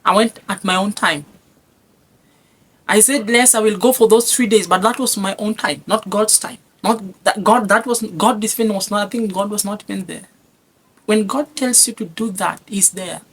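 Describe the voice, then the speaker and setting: Husky woman giving testimony. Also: medium pitch. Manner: earnest, repeats phrases, halting restarts. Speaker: guest sharing a testimony. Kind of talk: emotional personal testimony.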